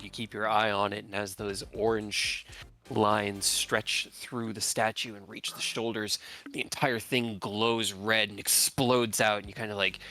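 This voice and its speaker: A man narrating as dungeon master of a tabletop game, describing combat in lively detail. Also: fairly low pitch.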